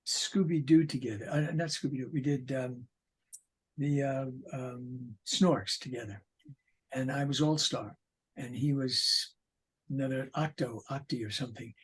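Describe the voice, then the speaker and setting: Husky old guy rambling through a studio story, lots of ums. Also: medium pitch, measured pace. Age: older. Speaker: voice actor. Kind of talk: telling an anecdote.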